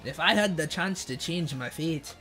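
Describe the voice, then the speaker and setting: A young man streaming a kart racing game, chatting in slang, joking, reading chat aloud and yelling at the game. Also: fairly high pitch, expressive, normal speed. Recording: faint game music behind.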